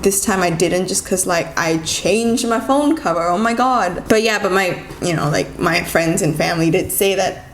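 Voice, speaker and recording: A young-sounding woman tells a story to camera in a casual vlog. She talks fast and animatedly, full of "like" fillers. The room is echoey, with a faint hum of ambient noise behind her. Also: on the low side. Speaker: vlogger.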